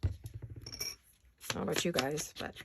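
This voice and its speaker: A woman vlogger, raspy from allergies, chatting casually and talking to herself as she makes paper crafts in her home studio. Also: normal speed, noisy background. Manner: chatty, talks to herself while working.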